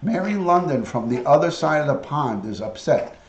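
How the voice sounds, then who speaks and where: A man's voice: a little high, animated, moderate pace, echoey room. A man hosting a casual live stream, chatting with viewers and coaxing his parrot to talk.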